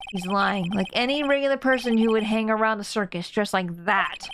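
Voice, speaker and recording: A woman's voice: medium pitch, moderate pace, few pauses, background noise. A woman streamer giving playful, exclamatory commentary on a game playthrough. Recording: game music behind. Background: game music.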